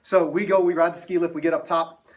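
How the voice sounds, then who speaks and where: A man's voice: on the high side, little pitch movement, quick pace, far from the mic. A male math teacher telling a self-mocking story to his class before moving into the lesson.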